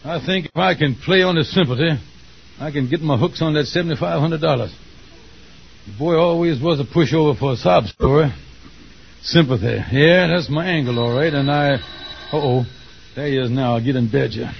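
Kingfish, high-voiced groaning schemer. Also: male voice, normal speed, vocal fry. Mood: scheming. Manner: melodramatic groaning, fake sick. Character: scheming smooth-talking male con man. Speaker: lead comic character. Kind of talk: 1940s radio acting. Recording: muffled old radio recording, faint hiss.

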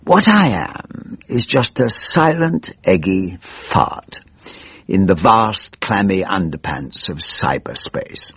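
A fed-up posh old politician, husky plummy drawl, slow and sing-song, dull dry radio sound. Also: male voice, deep voice, big pitch swings, fairly bright tone, dry recording, exaggerated voice. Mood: gloomy. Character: jaded old male member of parliament, pompous and weary. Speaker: weary elderly backbench politician narrating his woes. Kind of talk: radio comedy monologue. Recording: muffled dry radio recording.

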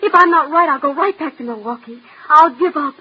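An actress playing a desperate, tearful young aspiring actress in a 1940s radio drama, pleading with a breathless, emotional delivery. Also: female voice, high-pitched, fairly quick, natural voice. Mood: begging. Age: young adult. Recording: muffled old radio recording.

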